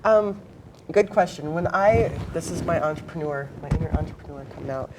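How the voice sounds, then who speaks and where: A woman guest in an interview, telling her life story in a blunt, emphatic, quick way. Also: sits low, noisy background.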